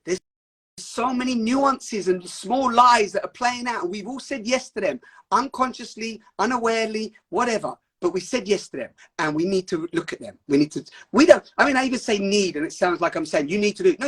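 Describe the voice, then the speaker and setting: A man with a husky, fairly high voice hosts a live stream. He preaches with intense spiritual passion and swears for emphasis. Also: a little fast, fairly bright tone.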